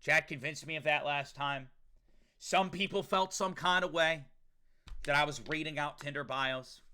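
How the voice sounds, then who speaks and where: A man's voice: on the high side, moderate pace, pushed and bright, clear, resonant tone. A young man streaming, chatting casually and profanely with his viewers, joking loosely between rambles. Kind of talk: casual livestream chat to viewers.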